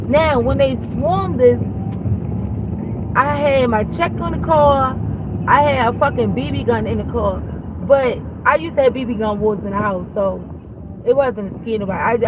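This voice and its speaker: A woman's voice: fairly high pitch, background noise. A woman vlogger telling a story in a blunt, casual way, acting out both sides of a conversation as she goes. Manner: blunt, profane, animated retelling with acted-out dialogue. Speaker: vlog host.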